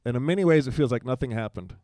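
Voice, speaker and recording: A man's voice: mid-range voice, animated, racing, mellow, no room sound, studio quality. A man in his forties, a guest in a casual conversation, telling a personal story and acting out quoted dialogue in livelier voices, with frequent restarts.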